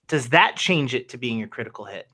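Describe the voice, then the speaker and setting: A man running a tabletop game as game master, tallying dice aloud in a measured way. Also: mid-range voice, animated, sharp tone.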